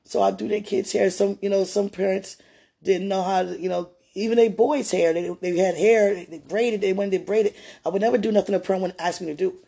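A woman speaks in a low, gravelly register with a husky edge to her voice. She is a former childcare teacher recounting her days in a relaxed interview. She rambles warmly through her stories and breaks into laughter often. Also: fairly quick. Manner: chatty, laughs often, animated retelling. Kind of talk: casual storytelling in an interview.

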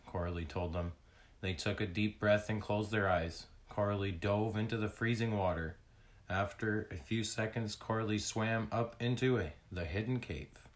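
A man reading a children's chapter book aloud, with clear, expressive storytelling. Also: deep voice, a little slow. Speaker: narrator.

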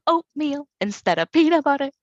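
A woman's voice: high voice, sing-song, moderate pace, no room sound, highs cut off. A woman in her thirties talking candidly and reflectively as a podcast guest, laughing often. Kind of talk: casual conversation.

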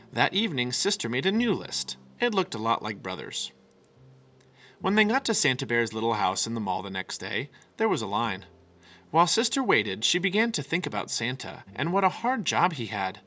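A man reads a children's picture book aloud with lively, swooping expression. His tone is bright and clear, with soft music playing faintly underneath. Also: medium pitch, moderate pace. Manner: animated, expressive. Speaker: storyteller.

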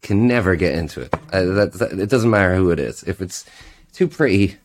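A male musician talks as a guest on a podcast in a loose, rambling way, often restarting his sentences. His voice sits somewhat low. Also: expressive, a little fast, a little hiss or hum. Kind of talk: casual chat.

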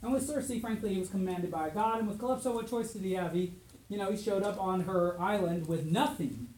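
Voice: mid-range voice, a little fast, a little mellow, echoey room, a little hiss or hum, low-quality recording. A teacher giving a classroom lecture, reading dramatically from an epic and asking the class questions.

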